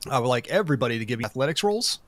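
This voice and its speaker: Chatty game master with a dry sound. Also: male voice, medium pitch, animated, rapid-fire, a bit bright, no room sound. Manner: laughing, crude banter. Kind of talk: comedic tabletop game narration.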